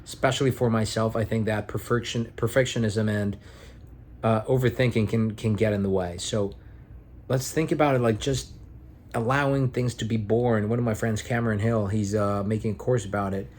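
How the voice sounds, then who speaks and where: A man's voice: fairly low pitch, fairly even intonation, moderate pace, a little mellow, slight background noise. A young man talking at home in a casual, reflective vlog monologue, rambling and earnest with some casual swearing. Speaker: vlogger and aspiring actor.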